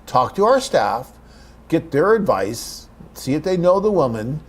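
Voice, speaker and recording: A man's voice: on the high side, big pitch swings, measured pace. A man hosting a live webcast, reading out viewer questions and answering them in a chatty, off-the-cuff way.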